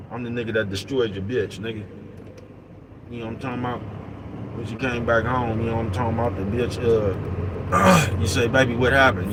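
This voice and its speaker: A man rolls down the road in his big rig, talking at a middle pitch in a loose, profane, streetwise monologue to his viewers. He keeps checking that they follow him, and the steady rumble of the truck and traffic sits clearly under his voice. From East Oakland, California. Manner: streetwise, profane, keeps asking "you know what I'm talking about". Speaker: truck driver vlogger. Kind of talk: casual vlog monologue answering comments. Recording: road and engine noise from a truck cab. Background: traffic and vehicle noise.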